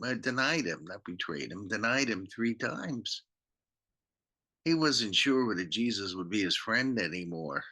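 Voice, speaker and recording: Animated pastor telling a children's Bible story, slow and bright. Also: male voice, medium pitch. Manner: animated, slow, acts out the characters.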